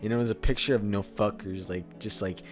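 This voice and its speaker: A man's voice: lowish voice, steady tone, brisk, over music. A young man co-hosting a podcast, telling a story in a rambling, casual way with lots of fillers and bursts of laughter. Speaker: podcast co-host.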